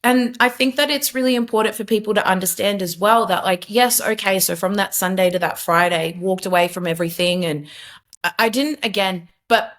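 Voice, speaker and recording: A woman's voice: medium pitch, fairly quick, a bit bright. A young adult woman, a podcast guest, giving an earnest, emphatic personal testimony in casual conversation, with many fillers and restarts.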